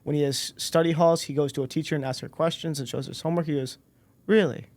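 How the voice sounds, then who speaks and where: A man in his twenties, a podcast guest, telling a personal story in a relaxed way and acting out the dialogue. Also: on the high side, quick pace. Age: 20s. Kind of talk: casual storytelling interview.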